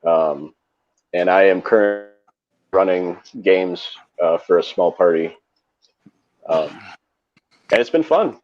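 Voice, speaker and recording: A man's voice: deep voice, animated, slow pace, long pauses, a little mellow, highs cut off. A man guesting on a stream chat, answering hesitantly with many fillers. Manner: hesitant, lots of uh and um. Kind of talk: casual interview answers.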